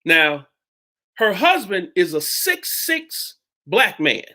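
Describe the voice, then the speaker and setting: A male preacher delivers a sermon as a story, stopping and restarting his phrases. His voice is bright and ringing. His pitch rises and falls widely as he goes. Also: huge pitch swings. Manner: halting, with many restarts and sudden pitch jumps.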